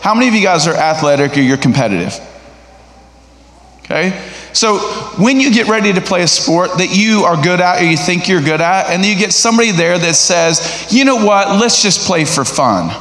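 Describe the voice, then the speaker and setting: A middle-aged man preaching a sermon in a church sanctuary, his voice sitting a little higher than most men's. He talks in a lively, conversational way and puts questions to the congregation. The sound carries a long, roomy hall reverb from the stage mic. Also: moderate pace. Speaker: guest preacher.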